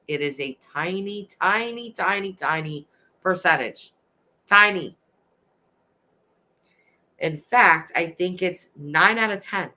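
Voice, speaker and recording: A woman's voice: fairly low pitch, lively intonation, unhurried, bright, forceful tone. A woman in her thirties hosting a casual livestream, reading chat aloud and ranting with passion, swearing now and then. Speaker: livestream host.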